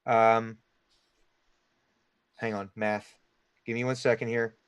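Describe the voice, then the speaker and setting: A man's voice: lowish voice, level tone, slow, clean tone, no room sound. A man running a tabletop game as dungeon master, with a Delaware Valley accent, rambling with frequent restarts and laughs.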